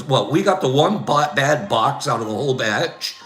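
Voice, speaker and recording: An older livestream host chats through rambling complaint stories, laughing often and saying "Okay?" by habit. His medium-pitched voice is lively and fairly bright, at a moderate pace with hardly any pauses, in a reverberant space with faint music.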